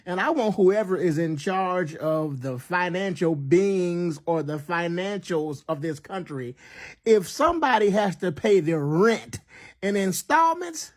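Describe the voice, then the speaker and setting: A vlogger ranting emphatically and with humor about high rent. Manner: exasperated, emphatic, joking. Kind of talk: casual rant vlog.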